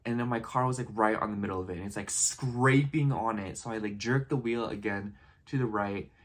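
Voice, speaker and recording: A man's voice: on the low side, brisk. A young man telling a story in a casual vlog, rambling and filling his talk with "like" and "you know". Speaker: vlogger.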